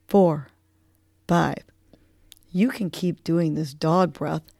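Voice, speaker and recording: A woman hosting a morning wellness podcast, guiding a breathing exercise and giving motivational words in a slow, soothing way. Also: lowish voice, vocal fry, mellow, no echo. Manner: slow, soothing counting, rising to upbeat urging. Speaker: podcast host. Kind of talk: guided breathing and motivational talk.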